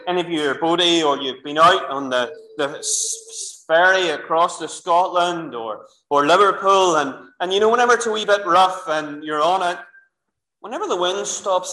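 A Northern Irish minister preaching through a clip-on mic, his high, bright voice ringing around a roomy church. He tells the story in a lively, chatty way, turning often to the children and the congregation. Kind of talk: sermon. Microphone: clip-on microphone. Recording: echoey church room.

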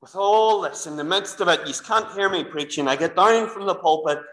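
A man's voice: sits high, fairly quick, a bit bright. A man with a Northern Irish accent preaching a sermon in church, telling the story vividly and speaking directly to the children and the congregation. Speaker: minister. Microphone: clip-on microphone. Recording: echoey church room.

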